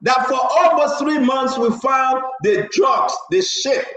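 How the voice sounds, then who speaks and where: A man's voice: very high voice, animated, slow, pushed and bright, roomy sound. A man with a Liberian English accent, co-hosting a casual talk show, emphatic and laughing, firing off rhetorical questions. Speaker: co-host.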